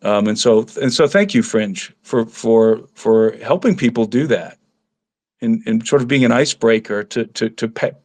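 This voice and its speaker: A man talks as a podcast guest, recounting a story in plain, mid-pitched tones. He is earnest and halting, restarting phrases again and again as he goes. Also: darkish tone. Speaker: guest researcher. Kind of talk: casual storytelling.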